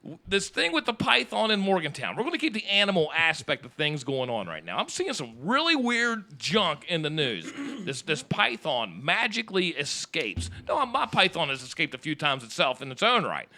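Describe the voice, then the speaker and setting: A man's voice: fairly high pitch, huge pitch swings, moderate pace, sharp tone. A man hosting a casual podcast chat, joking and rambling with his co-hosts.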